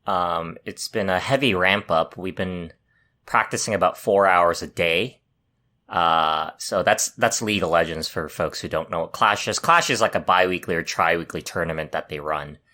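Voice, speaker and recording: A man co-hosting a casual gaming podcast, relaxed and measured, often pausing on fillers. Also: low-pitched. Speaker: podcast co-host.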